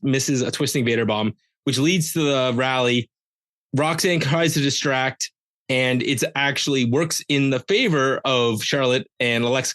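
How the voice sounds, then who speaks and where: A man's voice: medium pitch, a bit bright, no room sound. A man hosting a podcast, giving a casual, joking, rambling recap of a wrestling show. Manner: jokey, rambling, with playful asides. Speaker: podcast host.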